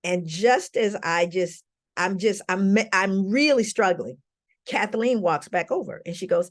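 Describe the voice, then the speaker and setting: A woman's voice: medium pitch, a little slow. A woman giving a talk, telling a personal story to a live audience and calling on them with questions. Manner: animated, calls on the audience with questions.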